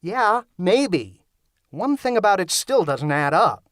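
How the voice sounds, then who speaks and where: A man's voice: high-pitched, sing-song, takes it slowly, a bit bright, no echo, studio quality. A man narrating a horror-comedy audiobook in the first person, with a wry, conversational delivery.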